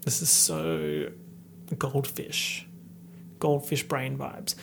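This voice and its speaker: Excitable man breaking down rap lyrics. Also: mid-range voice, drawn-out words, gravelly, a little hiss or hum. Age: late 20s. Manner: excitable, with sudden outbursts and whispered asides. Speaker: host. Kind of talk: casual lyric breakdown commentary.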